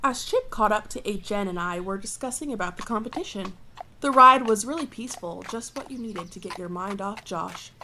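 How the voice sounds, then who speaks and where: A woman's voice: mid-range voice, a little fast, bright, forceful tone, slight background noise. A woman reading a fan story aloud in a playful way, breaking off for joking asides and laughing at her own reading. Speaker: channel host reading fanfiction.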